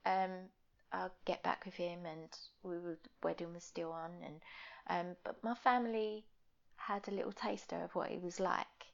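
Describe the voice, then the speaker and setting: A young woman, speaking candidly and haltingly in a personal interview, sometimes dropping to a near whisper. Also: lowish voice, steady tone, gravelly, dull audio. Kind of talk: personal testimony.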